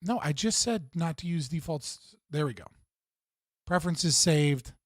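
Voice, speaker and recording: Young male livestream host, slightly high voice, dead-dry close mic, rambling, sweary, laughs a lot. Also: animated, measured pace, dry recording. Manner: rambling, profane, laughs often, restarts a lot. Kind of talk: casual livestream chat.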